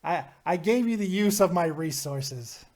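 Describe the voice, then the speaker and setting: A man's voice: high voice, animated, a little slow, crowd noise. A man hosting a casual live call-in show, joking and swearing, at times mock-soothing. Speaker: host. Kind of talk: casual live podcast banter.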